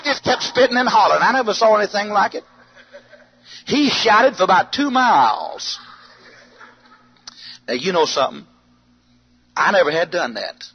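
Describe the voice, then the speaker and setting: A man preaching a storytelling sermon, animated, bursting into shouts and yells as he tells it. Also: sits high, a little slow, pauses often, breathy edge. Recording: dull lo-fi archive sermon tape with faint hiss.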